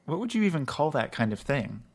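A man's voice: fairly high pitch, sing-song, fairly quick, slightly rough. A man co-hosts a casual podcast, thinking aloud as he talks. He rambles, stops and restarts his sentences often. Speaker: podcast co-host.

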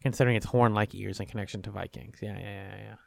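Gravelly, dry-voiced man joking around. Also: fairly low pitch, fairly even intonation, fast, no echo. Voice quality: slight lisp. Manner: jokey, profane, reacts loudly. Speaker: podcast co-host. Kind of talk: casual chat.

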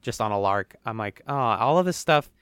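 A young man co-hosting a podcast, chatting casually and rambling through animated retellings. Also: lowish voice, moderate pace, smooth, no room sound, studio quality. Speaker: podcast co-host. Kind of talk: casual chat.

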